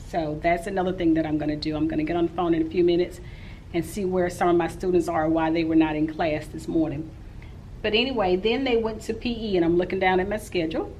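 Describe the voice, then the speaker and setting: A woman's voice: fairly low pitch, a little hiss or hum, rough recording. A woman in her forties, a teacher, recapping her day in a casual, rambling vlog. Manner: rambling and talkative.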